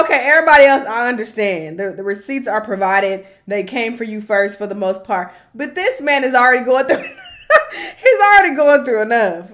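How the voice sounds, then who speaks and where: A woman with a slightly high voice hosts a reaction video. She talks bluntly and swears freely, sharing strong opinions in casual commentary that often breaks into laughter. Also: a bit bright.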